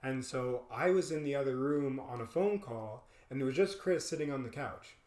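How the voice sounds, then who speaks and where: A man's voice: medium pitch, moderate pace. A man co-hosting a podcast, telling a story in casual chat, laughing often and acting out what people said. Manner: animated storyteller, laughs often, acts out quoted lines. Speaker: podcast co-host. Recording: echoey room.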